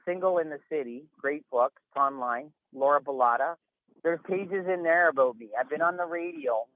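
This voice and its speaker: A man's voice: fairly high pitch, no room sound. Man on a tinny phone line. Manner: emphatic, rambling, exasperated. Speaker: interview guest. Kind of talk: casual phone interview. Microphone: phone call.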